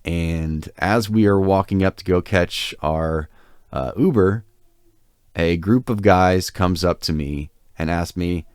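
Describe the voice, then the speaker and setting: Low smooth guy telling a long awkward story, lots of likes and ums, dry sound. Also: takes it slowly, darkish tone, dry recording. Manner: rambling, filler-heavy, self-deprecating. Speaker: podcast co-host. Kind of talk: casual storytelling.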